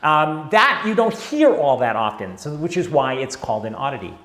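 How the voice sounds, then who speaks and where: Lively, chatty male dance teacher. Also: on the high side, normal speed. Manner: chatty, wry, checks in with the viewer. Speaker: tango teacher. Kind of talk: instructional video talk. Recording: echoey room.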